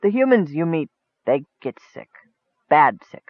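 A man's voice: a little high, big pitch swings, unhurried, no room sound. A man doing a sly, cunning goblin. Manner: broken grammar, sly and knowing. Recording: tinny phone-like line, dry.

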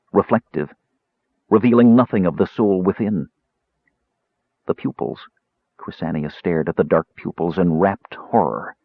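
A man narrating a fantasy audiobook in a measured, expressive storytelling manner. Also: on the low side, husky, no echo. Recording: dull lo-fi dry recording.

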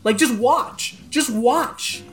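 Profane animated storyteller, mid-pitched voice. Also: slow, soft background music. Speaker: podcast co-host. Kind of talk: casual chat, storytelling.

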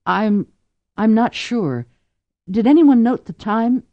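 A man's voice: sits high, expressive, slow, lo-fi sound, pitched above the performer's own voice, heavily acted. A man voicing a poisoned, pregnant woman who is choking on phlegm and gasping her words. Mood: anxious.

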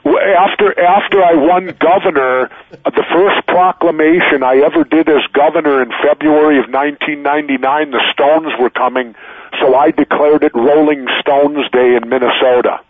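A man in his sixties calls into a show and spins loose stories, often restarting his sentences. His voice sits a little high for a man. It comes over a tinny, dry phone line. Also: fairly even intonation, moderate pace, no room sound. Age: 60s. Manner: loose storytelling with frequent restarts. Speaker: guest. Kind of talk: casual interview over the phone.

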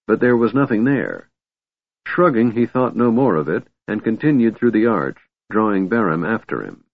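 Low, husky male narrator for fantasy audiobook; tinny, dry sound. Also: no room sound. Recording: tinny narrow-band dry recording.

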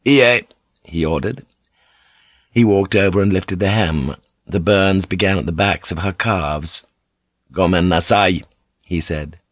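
Fields: Sex: man. Role: audiobook narrator. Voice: low. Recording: dry and close. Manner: measured. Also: no echo.

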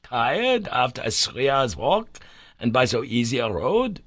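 A man's voice: mid-range voice, sing-song, a little slow, husky, no echo, clean studio sound, heavily acted. A man doing an impatient old professor. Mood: incredulous. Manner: sharp, incredulous exclamations. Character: impatient stubborn older male professor.

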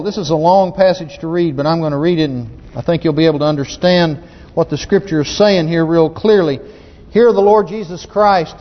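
Man, high voice, folksy fervent sermon, hall reverb, muffled recording. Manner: folksy, fervent preaching with many restarts. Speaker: pastor.

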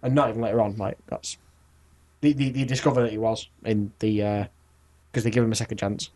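A man's voice: lowish voice, steady tone, fairly quick, a little mellow. A man in casual podcast chat, stubborn and laughing often. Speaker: podcast co-host.

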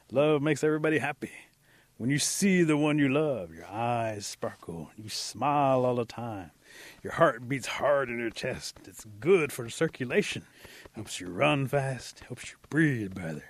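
A man voicing a sly old male rabbit trickster in a folk tale, talking in a brisk, scheming, persuasive way. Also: mid-range voice, expressive, dry recording.

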